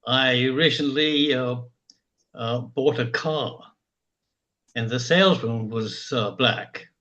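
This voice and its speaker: An older man from England, speaking slowly and haltingly in a reflective group discussion, with many pauses. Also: mid-range voice, a bit bright. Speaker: group member.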